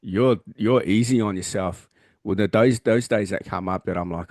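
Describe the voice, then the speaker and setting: A man's voice: low-pitched, steady tone, brisk, darkish tone, no room sound, clean studio sound. A man co-hosting a podcast and talking as a gym trainer in casual motivational chat, blunt, emphatic and full of swearing. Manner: blunt, heavily profane, emphatic.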